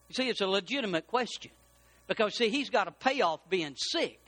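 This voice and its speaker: A man preaching a sermon as pastor, with emphatic repetition that builds toward shouting. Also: high voice, animated, moderate pace.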